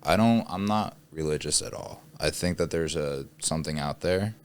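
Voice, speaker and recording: A man's voice: rumbling low, moderate pace, smooth, dry recording. A man hosting a podcast, talking in a loose, rambling way with casual swearing. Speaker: podcast host. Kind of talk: casual chat.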